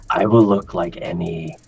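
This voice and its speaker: A man playing a character in a tabletop game, deliberately describing his actions in the first person. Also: low-pitched, creaky, fairly bright tone, slightly rough. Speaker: player.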